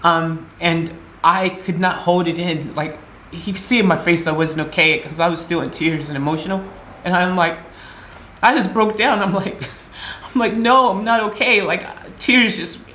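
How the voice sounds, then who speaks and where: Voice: medium pitch, normal speed, pushed and bright. A vlogger from the United States, still shaken, tells an upsetting story in a loose, rambling way full of restarts. Now and then the voice jumps into quoted lines for the other people in the story. The room has a noticeable echo, and there is a faint hiss underneath. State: emotionally shaken. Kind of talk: emotional storytelling vlog.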